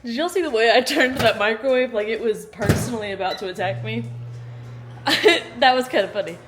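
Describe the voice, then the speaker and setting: A woman's voice: fairly high pitch, a little fast, background noise. A woman vlogging casually at home, chatty and joking, laughing often and swearing casually, recorded on a handheld phone. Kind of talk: casual vlog chat. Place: at home during a storm.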